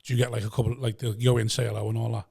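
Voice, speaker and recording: A man's voice: medium pitch, flat delivery, very fast, vocal fry, a little mellow, husky. A man co-hosting a podcast, asking long rambling questions full of restarts. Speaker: podcast co-host, stand-up comic. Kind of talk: casual podcast chat.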